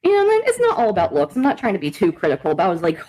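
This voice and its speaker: A woman's voice: breathy edge, poor audio. A woman hosting a podcast, telling stories in a hyper, profane casual chat. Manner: animated, profane storytelling with quick pitch jumps. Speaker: podcast host.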